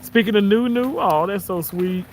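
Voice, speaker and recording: A man with a Southern American accent chats warmly on a live stream, sitting outside by the water. His voice sits a touch high, and he thanks his viewers one by one in a grateful, easygoing way. Faint outdoor noise hums under his voice. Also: normal speed. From Southern United States. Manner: warm, grateful, chuckles often. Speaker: live-stream host reading chat. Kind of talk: casual live-stream chat.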